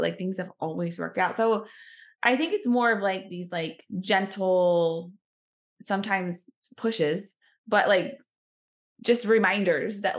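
Woman guest, 30s, lowish voice, rambling casual chat. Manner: chatty, many fillers like "like".

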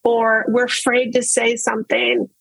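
An earnest woman speaks openly about her own life in a relaxed conversational way, often repeating words to stress them. Her voice sits a little high and has a husky edge. The sound is dry and close, with no room echo. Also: unhurried. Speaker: guest sharing her story. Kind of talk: casual personal testimony.

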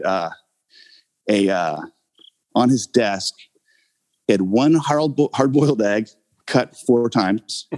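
A man with a fairly low voice telling a long personal anecdote in a casual interview. He rambles, piles on fillers like "you know" and "um", and chuckles as he goes. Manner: rambling, many fillers, laughs often. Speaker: actor, guest telling his story.

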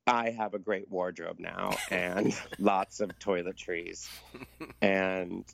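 Gravelly middle-aged man, campy storyteller. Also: deep voice, fairly even intonation, slow, crowd noise. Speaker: actor, interview guest. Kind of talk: casual interview chat.

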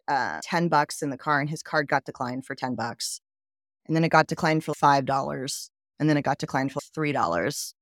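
A woman from the southern United States tells her story as a podcast guest, her voice a little low and sitting close in a dry, dead room. She talks candidly and with feeling. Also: no room sound. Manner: candid, animated retelling with quoted dialogue and laughs. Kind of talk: personal storytelling interview.

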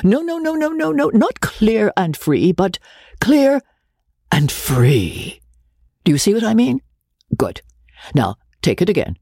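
A woman voicing a fussy, exacting theatrical elocution teacher with husky, drawn-out enunciation. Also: mid-range voice, sing-song, mellow, dry recording, studio quality, pitched above the performer's own voice, full character voice. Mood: correcting. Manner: drilling, exaggerated enunciation. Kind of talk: audiobook reading.

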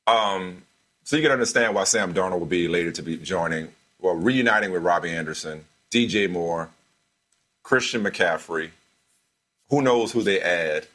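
Husky, bright-voiced sports talk host man. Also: sits low. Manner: animated, repeats himself, teasing his co-host. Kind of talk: casual sports radio debate.

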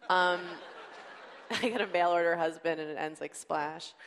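A woman's voice: fairly low pitch, moderate pace. Chatty woman on a reverberant stage. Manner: chatty, laughing, animated storytelling. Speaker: comedy show panelist. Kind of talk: panel Q&A, casual storytelling. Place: live panel in a large venue.

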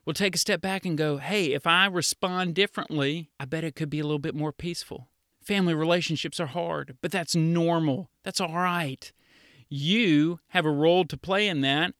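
A middle-aged man, a children's pastor, giving a lively storytelling devotional to kids and acting out the voices of children he quotes. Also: fairly high pitch, moderate pace, smooth, no room sound, clean studio sound. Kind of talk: kids' devotional talk.

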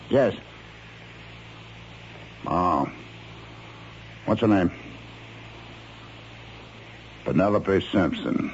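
A patient, dogged police lieutenant who questions firmly but coaxingly. His delivery swings up and down with lively pitch. The old radio recording is dull and faintly hissy. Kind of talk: 1970s radio drama acting.

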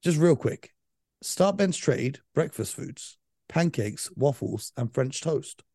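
A man's voice: on the high side, animated, takes it slowly, mellow, no echo, clean studio sound. A man hosting a podcast in casual chat, running the segments, talking to listeners and arguing his picks firmly. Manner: runs the segments, speaks to listeners, firm and opinionated. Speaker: podcast host.

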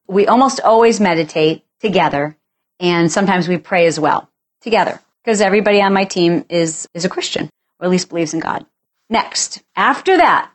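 A woman in her forties hosting a podcast, chatty and animated, casually talking through her routine and acting out bits of dialogue. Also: on the low side. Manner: chatty, animated, acts out dialogue with playful exaggeration. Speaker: podcast host. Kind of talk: casual solo talk.

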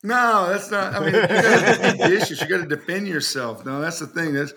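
A man's voice: sits high, a little fast, a loud crowd. A man talking casually on a podcast as a knifemaker guest, telling joking stories and often laughing, and putting on raised voices when he quotes people.

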